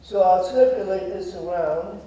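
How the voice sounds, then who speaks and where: A man's voice: sits high, a little slow, warm tone. A man in his nineties gives an earnest, formal speech to an audience as guest speaker in a theater. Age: 90s. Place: theater auditorium. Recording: very echoey hall, voice heard from a distance.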